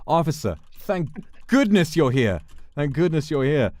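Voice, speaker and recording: A jittery, frightened man who begs for help, his voice pushed high and loud, as a man puts him on. It is recorded close and dry. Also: sing-song, measured pace, dry recording. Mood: panicked. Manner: panicked, pleading.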